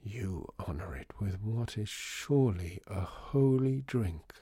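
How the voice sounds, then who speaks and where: A low, soft, savouring voice for a charming disgraced store owner, as a man puts him on, taking his time over every word. The tone is a little husky and dry, in a storybook reading. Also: expressive, no echo, full character voice. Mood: relishing. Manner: low, unhurried, relishing. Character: cheerful smooth-talking disgraced male store owner.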